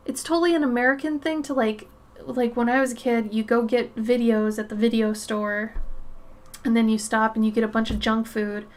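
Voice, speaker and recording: On a casual art livestream, a Minnesota woman with a Minnesota accent chats with viewers, laughing often and tripping over her words. Her voice is on the high side.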